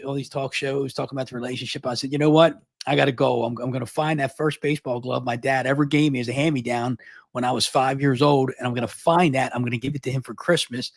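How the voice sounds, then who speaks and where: A middle-aged man from Baltimore, a guest on a live interview, telling a long story at high speed, often repeating words and restarting. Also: vocal fry, husky, dry recording. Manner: fast, energetic, long-winded storytelling.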